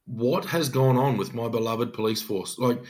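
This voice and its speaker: A middle-aged man with an Australian accent, speaking at an ordinary mid pitch. He tells an emphatic, earnest podcast story as a police detective sergeant, often acting out what he said back then. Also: normal speed, darkish tone. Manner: earnest, emphatic, acts out his own quoted speech.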